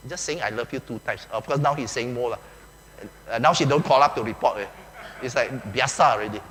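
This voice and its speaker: A man's voice: medium pitch, a little fast, a bit bright. A man with a Malaysian English accent preaching a chatty, joking sermon as a pastor, often saying "okay" and "lah". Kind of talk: conversational sermon. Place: large church hall. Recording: echoey hall with faint hum.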